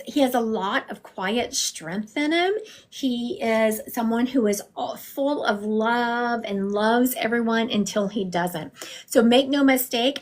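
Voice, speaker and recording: A woman, chatting casually to viewers on a livestream as she gives psychic readings from home. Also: fairly high pitch. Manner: chatty, warm-hearted, talks straight to viewers.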